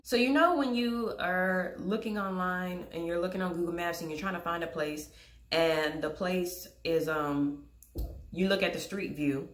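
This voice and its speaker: A woman's voice: on the low side, fairly bright tone, reverberant. A young woman telling a story to camera in a blunt, exasperated way, swearing freely. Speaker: vlogger.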